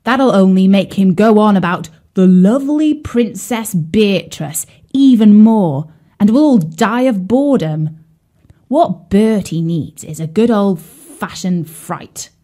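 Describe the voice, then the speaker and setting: A woman's voice: mid-range voice, animated, takes it slowly, dark tone. A woman voicing a grumpy, rude male carp in a children's storybook, who talks in a snappish, scornful way.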